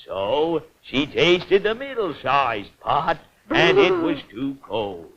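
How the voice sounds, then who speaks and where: A man's voice: a little high, huge pitch swings, takes it slowly, gravelly, fairly bright tone. Lilting male storybook narrator. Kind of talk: storybook narration for an old cartoon. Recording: dull old cartoon soundtrack with faint hiss.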